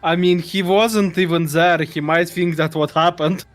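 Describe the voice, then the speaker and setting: A man's voice: on the high side, steady tone, moderate pace, dry recording, soft background music. A man playing a tabletop game, reacting in a chatty, incredulous way. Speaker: player. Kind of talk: casual table chat.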